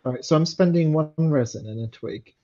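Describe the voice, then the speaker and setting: A man's voice: a little high, fairly quick, lo-fi sound, crowd noise. A man describing his game moves in a matter-of-fact way. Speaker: game player.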